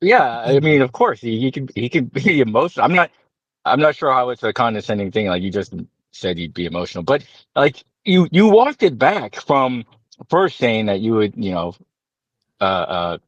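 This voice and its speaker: A man debating on an online call, halting and questioning as he makes his point. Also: medium pitch, big pitch swings, no room sound, muffled recording. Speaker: debate panelist.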